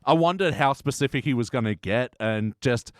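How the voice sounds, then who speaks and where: A man's voice: mid-range voice, expressive, moderate pace, no echo, clean studio sound. A man co-hosting a casual podcast, easygoing, laughing often and dropping wry asides. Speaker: podcast co-host.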